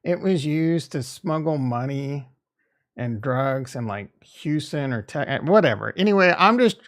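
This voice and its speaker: Hosting a crypto investing channel, a man with a slightly high, animated voice speaks unhurriedly. His talk is candid, rambling, casual, and peppered with swearing.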